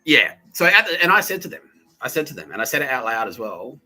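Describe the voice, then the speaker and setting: A man's voice: medium pitch, sing-song, quick pace, bright, forceful tone, rough recording. A man hosting a podcast, telling a rambling personal story full of swearing, fillers and nervous laughs. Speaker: podcast host.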